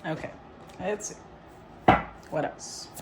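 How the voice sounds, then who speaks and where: A woman giving a casual, rambling tarot reading, chatty and quick to laugh. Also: background noise. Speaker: tarot reader.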